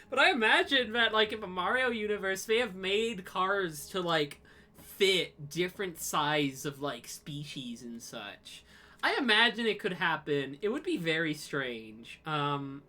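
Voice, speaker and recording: A woman's voice: medium pitch, expressive, a little slow, sharp tone, soft background music. A young woman streaming casually, giggly and profane, often collapsing into laughter. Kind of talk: casual chat on a livestream.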